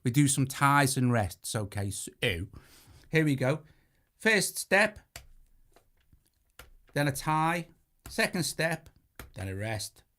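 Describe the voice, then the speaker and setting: A man's voice: medium pitch, lively intonation, slow pace, pauses often, sharp tone. A man with a British accent hosting a hands-on synthesizer tutorial, talking casually and correcting himself as he presses buttons. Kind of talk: hands-on gear walkthrough. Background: synthesizer sequences playing.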